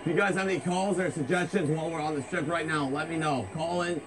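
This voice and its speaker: Walking outdoors on a crowded street, a man hosts a parody comedy vlog, sounding pumped and breathless as he says things over and over. He speaks fast in a fairly high voice with mostly even intonation, and the traffic noise is loud.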